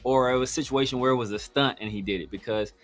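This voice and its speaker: A man co-hosting a casual sports podcast, chatty and animated, acting out his own reactions. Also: mid-range voice, fast talker.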